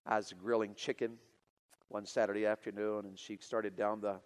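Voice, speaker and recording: Animated man preaching a story sermon. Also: on the low side, normal speed, clear, resonant tone, in a large hall. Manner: animated, builds to loud excited preaching. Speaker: pastor.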